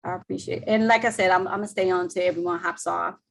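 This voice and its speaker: A woman's voice: on the low side, fairly even intonation, quick pace, vocal fry, a little hiss or hum, rough recording. A woman presenter on a video call, wrapping up questions in a chatty way with many ums, her voice worn from talking all day. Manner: chatty, warm thanks, trails off with ums. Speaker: webinar presenter. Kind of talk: casual Q&A wrap-up on a video call.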